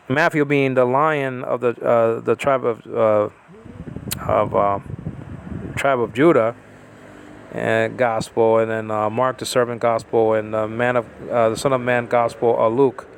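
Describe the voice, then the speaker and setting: Slow, gravelly man teaching scripture. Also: medium pitch, fairly even intonation, slight background noise. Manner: halting, many fillers, sounding out Hebrew and Greek words. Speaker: Bible teacher. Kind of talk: informal scripture study.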